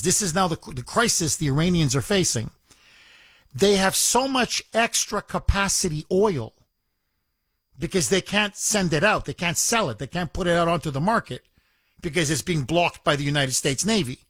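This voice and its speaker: High-voiced emphatic male radio host. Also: a bit bright, no echo. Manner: emphatic, repeats words for stress. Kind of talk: opinionated call-in radio talk.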